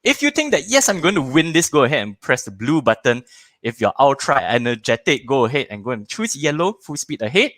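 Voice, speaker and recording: A man hosts a live parenting workshop online, walking viewers through polls with a bouncy, playful delivery. His mid-pitched voice swings up and down a great deal as he teases and encourages his audience. The recording is close and dry, with no room sound. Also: a little fast, dry recording. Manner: animated and playful, jokes with the audience.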